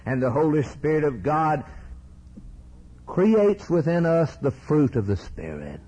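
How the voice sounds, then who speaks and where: A man preaching a sermon with passion, swinging from hushed lines to soaring cries. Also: fairly high pitch, sing-song, measured pace, breathy edge, dull audio.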